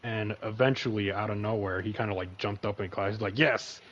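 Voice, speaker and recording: A man's voice: lowish voice, steady tone, brisk. A man hosting a casual podcast chat who rambles and swears constantly. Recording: lo-fi dull recording.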